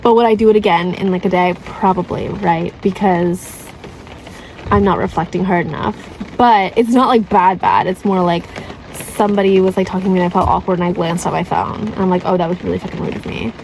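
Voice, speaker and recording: A woman's voice: lowish voice, fairly even intonation, brisk, darkish tone, slight background noise, rough recording. A woman in her twenties, from Canada, talking casually and candidly in a vlog and filling her speech with "like" and "right?". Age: 20s. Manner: chatty, heavy use of "like" and "right?", candid. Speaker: vlogger. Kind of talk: casual confessional advice talk.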